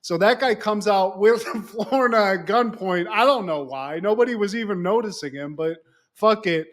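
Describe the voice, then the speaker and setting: A man co-hosting a podcast, telling a plot story in an animated, profane, casual way. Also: high-pitched, normal speed. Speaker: podcast co-host. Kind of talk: casual podcast chat recapping a show.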